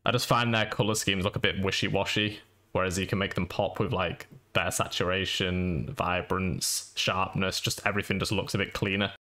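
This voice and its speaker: A man giving a casual, monotone how-to voice-over for a game guide. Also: low-pitched, normal speed. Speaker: gaming YouTuber. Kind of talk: screen-recorded how-to voice-over.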